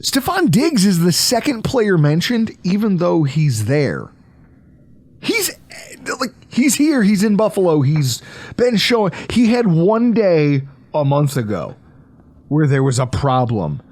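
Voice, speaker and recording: A man hosts a casual sports podcast with a joking, quick manner. His voice sits a little high for a man and swings widely in pitch as he riffs through his points. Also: no room sound. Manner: animated, joking, quick asides. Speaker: podcast host.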